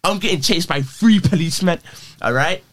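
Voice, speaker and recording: A young man, a podcast guest, telling a story in casual chat, slangy and animated, swearing freely and checking that his listener is following. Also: high voice, normal speed. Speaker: podcast guest, prank creator.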